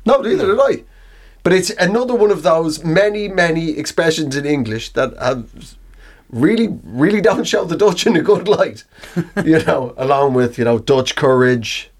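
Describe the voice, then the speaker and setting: A man co-hosting a comedy podcast, his pitch leaping around as he chats. He laughs a lot, often at his own slips. His voice sits a little higher than most men's. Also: expressive, moderate pace. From Ireland. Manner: giggly, self-mocking, laughs often. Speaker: podcast co-host. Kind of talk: casual comedic chat.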